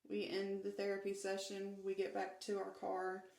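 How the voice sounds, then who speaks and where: A woman tells her own story in a steady, matter-of-fact way, quoting the people around her. Her pitch barely moves, and the room around her echoes. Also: normal speed, creaky. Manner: plain, steady recounting with quoted dialogue. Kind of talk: first-person confessional storytelling.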